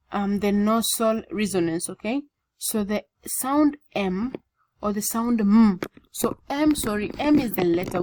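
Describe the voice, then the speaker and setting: A woman's voice: mid-range voice, darkish tone, rough recording. Woman teacher explaining, repeating herself. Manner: repetitive, frequent "okay?" check-ins. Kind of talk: explanatory classroom lecture.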